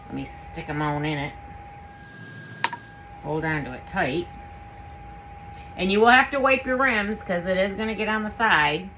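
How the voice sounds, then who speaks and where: A woman hosting a home canning video, chatting casually through a how-to demonstration in her kitchen and gushing with excitement as she works. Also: lowish voice, a little slow, long pauses, noisy background. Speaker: home canning channel host.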